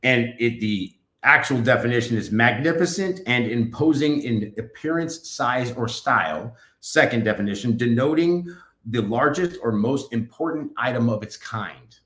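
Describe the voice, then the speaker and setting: A man's voice: medium pitch, animated, normal speed, fairly bright tone. Man telling stories in a roomy studio. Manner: rambling, upbeat storytelling. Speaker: podcast co-host. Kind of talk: casual chat. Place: podcast studio.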